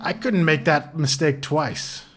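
A man's voice: a little high, slow, fairly bright tone. A man reading the lines of a grieving male sailor from a video game in a subdued, earnest way, in close to his own voice. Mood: solemn.

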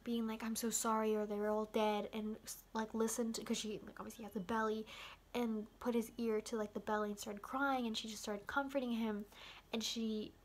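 A young woman casually recapping a film's ending, rambling with lots of "like" and excited asides. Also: fairly high pitch, brisk. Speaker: vlogger.

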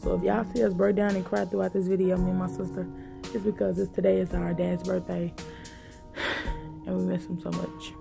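A woman's voice: on the low side, flat delivery, moderate pace, gravelly, music in the background. A woman talking casually and emotionally to her vlog viewers, rambling in slangy speech from a car. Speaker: vlogger.

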